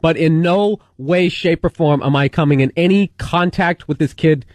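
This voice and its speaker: A man's voice: a little high, dry recording. A man in his late thirties telling a rambling story in casual radio chat. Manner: rambling storytelling, quick and animated. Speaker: guest comedian.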